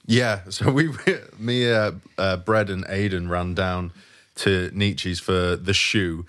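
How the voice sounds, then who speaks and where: A man's voice: low voice, fairly even intonation, takes it slowly, fairly bright tone, clear, resonant tone. A man co-hosting a podcast, telling a story in casual chat, jokey and laughing along. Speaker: podcast co-host.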